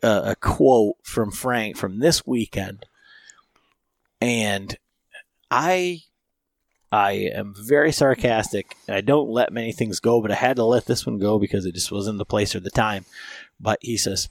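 A man's voice: lowish voice, unhurried, no echo, clean studio sound. A man hosting a podcast, telling a long story in a rambling, profane way with lots of fillers. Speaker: podcast host.

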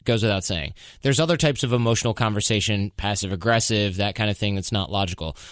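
A man's voice: on the low side, no echo. Chatty male podcast host, dry close sound. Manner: chatty storyteller, does quick voices. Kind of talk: casual podcast chat.

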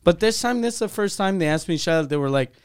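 A comedian in casual podcast chat, making wry, deadpan jokes. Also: male voice, high-pitched, fast talker, smooth.

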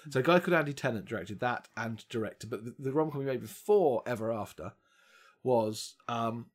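A man co-hosting a casual podcast about films, talking enthusiastically with excited exclamations. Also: mid-range voice, brisk. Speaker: podcast co-host. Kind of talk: casual film chat.

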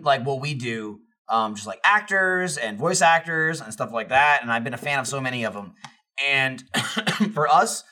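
A young man co-hosting a casual podcast, telling an animated story full of fillers and swearing. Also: medium pitch, moderate pace. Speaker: podcast co-host.

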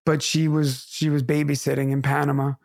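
A man's voice: on the high side, a little fast, creaky. A man from New York City, a stand-up comedian, telling stories in a casual podcast chat and laughing often. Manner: animated storyteller, laughs often.

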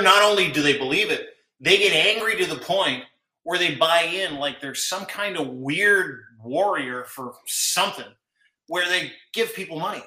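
A man's voice: fairly high pitch, sharp tone, roomy sound, poor audio. A man co-hosting a political podcast, talking in a rambling, profane, incredulous way. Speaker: podcast co-host. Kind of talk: casual political chat.

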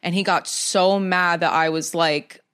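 Woman podcast co-host, lowish voice, chatty and filler-heavy. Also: fairly even intonation, measured pace, fairly bright tone, smooth. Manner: chatty storytelling, many "like" fillers. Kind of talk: casual chat.

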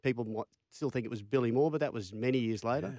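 A former rugby league footballer from Australia, now in his fifties, talks quickly at medium pitch in clean studio sound without echo. Guesting on an interview, he animatedly tells stories, performs the quotes, and laughs along at his own tales.

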